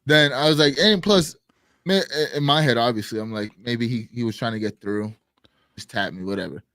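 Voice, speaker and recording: Male co-host, mid-pitch, lively raconteur who swears and shouts out quoted lines, dry studio sound. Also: normal speed, no room sound. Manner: animated, swears a lot, acts out quotes loudly. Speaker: podcast co-host. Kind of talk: casual storytelling chat.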